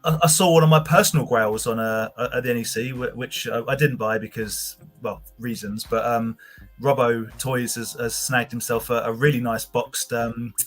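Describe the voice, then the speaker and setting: A man's voice: mid-range voice, soft background music. A man co-hosting a podcast, talking in a casual chat and often repeating words as he goes. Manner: relaxed, halting, repeats words.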